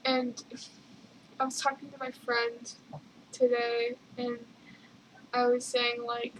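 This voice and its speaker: A young woman chats through her video journal in a high, unhurried voice. She rambles, giggles often and leans on ums and likes. A faint hiss sits under her voice. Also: level tone, fairly bright tone, poor audio. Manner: rambling, giggly, lots of fillers. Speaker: vlogger.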